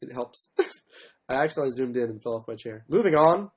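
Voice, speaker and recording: A man hosting a casual livestream, with a sore throat and frequent throat clearing, who mocks himself and keeps apologizing and giving up on songs. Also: medium pitch, fairly quick, a little mellow. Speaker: livestream host. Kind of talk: casual livestream chat with ukulele. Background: faint ukulele strumming.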